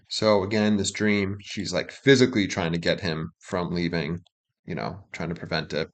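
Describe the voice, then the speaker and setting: Brief: young male co-host, lowish voice, casual and rambling, lots of "like" and "you know". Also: fairly even intonation, normal speed. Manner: loose, rambling with many fillers. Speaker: co-host explaining song lyrics. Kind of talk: casual reaction chat.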